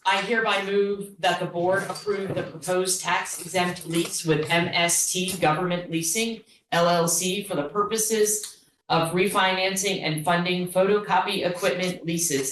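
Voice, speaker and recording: A woman's voice: lowish voice, fairly bright tone, a little hiss or hum. A woman board member reading formal motions aloud at a public meeting, plainspoken and self-deprecating. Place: school board meeting room. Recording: roomy hall audio from a far mic.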